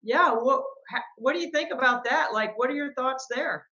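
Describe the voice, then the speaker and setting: A woman's voice: high-pitched, moderate pace, pushed and bright, dull audio. A woman hosting a podcast interview, asking encouraging questions with enthusiasm. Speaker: podcast host. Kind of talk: casual interview.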